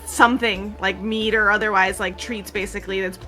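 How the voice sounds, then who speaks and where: Woman game master, bright tone, rambling casual narration. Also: mid-range voice, fairly even intonation, brisk, soft background music. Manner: rambling, full of "like" and "um".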